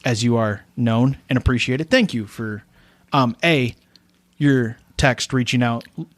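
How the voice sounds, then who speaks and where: A man's voice: medium pitch, measured pace, no echo. A man with a Midwestern accent co-hosting a casual podcast, rambling and correcting himself after a few drinks. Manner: rambling, self-correcting, tipsy banter. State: tipsy from wine. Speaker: podcast co-host. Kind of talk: casual chat. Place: home room. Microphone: close podcast mic.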